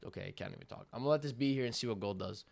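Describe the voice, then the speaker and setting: A young man giving casual, slangy commentary on a live trading stream, hyped and breaking into loud cheers. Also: mid-range voice, racing, creaky. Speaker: livestream day trader.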